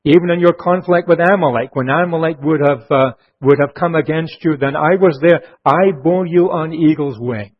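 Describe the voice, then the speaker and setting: Husky-voiced preacher, slowing on key phrases. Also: male voice. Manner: earnest, slows down and drops low on key phrases. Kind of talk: expository sermon. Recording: muffled lo-fi sermon recording.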